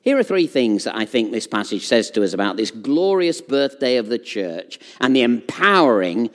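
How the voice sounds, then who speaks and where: A man preaching a sermon, earnest and emphatic, with dramatic pauses. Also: medium pitch, very animated. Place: church hall. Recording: long reverb of a large hall.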